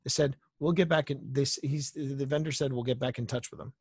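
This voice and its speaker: A man's voice: mid-range voice, steady tone, fairly quick, a little mellow, slightly rough, dry recording, clean studio sound. A male guest on an interview podcast, telling workplace anecdotes in a casual way and often repeating phrases for emphasis. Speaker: author and entertainer guest.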